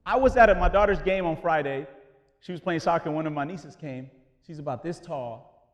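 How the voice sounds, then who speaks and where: A man preaching a sermon in an animated, conversational way, dropping casual slang as he explains. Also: fairly high pitch, a little fast, long reverb tail, lo-fi sound. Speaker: pastor.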